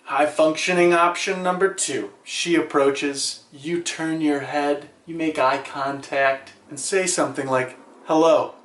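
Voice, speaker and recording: A man's voice: on the high side, fairly even intonation, unhurried, few pauses, a bit bright, reverberant. A man hosting a vlog and giving advice to the camera in a playful, sarcastic, preachy manner. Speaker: vlog host.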